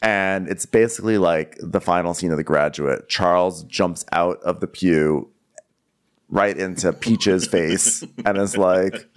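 A man's voice: deep voice, a little slow. A man co-hosting a podcast, chatting casually, laughing often and putting on voices as he retells scenes. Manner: giggly, acts out voices of people he retells. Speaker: podcast co-host. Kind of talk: casual chat recapping a reality show.

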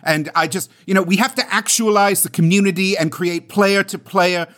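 A man's voice: high-pitched, steady tone, normal speed, fairly bright tone. A man co-hosting a comedy podcast, improvising mock rants full of filler words. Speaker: podcast co-host.

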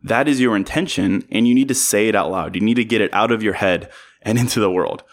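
A man's voice: on the low side, brisk. A man hosting a podcast, giving an earnest motivational monologue and repeating his key phrases for emphasis. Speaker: podcast host.

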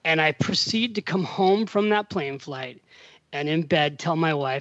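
A middle-aged American man as a podcast guest, telling a story with animated voiced-out quotes and frequent laughs. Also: a little high, measured pace, no room sound, highs cut off. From USA. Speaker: podcast guest, finance author. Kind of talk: casual storytelling interview.

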